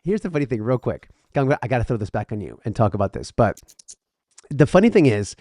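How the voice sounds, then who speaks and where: A man's voice: mid-range voice, very animated, quick pace, darkish tone, no room sound. Northeast guy on a podcast, opinionated, lots of um and uh, dry sound. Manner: rambling, many fillers and restarts, opinionated. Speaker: podcast co-host. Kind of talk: casual banter.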